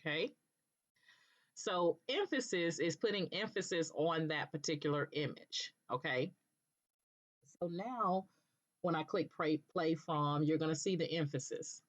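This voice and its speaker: Low-voiced woman walking through a tutorial. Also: a little slow. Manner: patient step-by-step explaining, frequent "okay" checks. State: coughing now and then. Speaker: software tutorial presenter. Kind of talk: screen-recorded tutorial. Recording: dull lo-fi recording.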